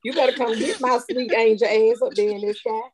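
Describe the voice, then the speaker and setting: Middle-aged female guest, brash and bold, raised pitch, casual podcast banter. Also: fast talker. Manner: brash, profane, bold joking. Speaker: podcast guest and host of her own show. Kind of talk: casual chat.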